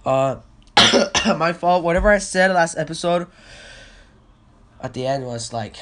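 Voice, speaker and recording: A sick teenage boy coughs his way through a loose, rambling podcast monologue. His voice sits a little high for a guy, and he swears and stumbles through fillers as he talks. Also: expressive, a little slow, long pauses, a bit bright, slight background noise. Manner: rambling, profane, filler-heavy. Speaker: podcast host.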